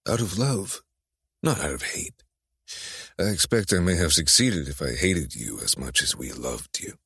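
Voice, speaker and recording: A brooding, possessive young man, voiced by a man in a dark romance audiobook, murmuring low with teasing menace. His voice is extremely deep and gravelly, with a husky edge and a bright bite. The sound is dry and close. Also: expressive, unhurried, no echo, heavily acted. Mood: menacing, teasing.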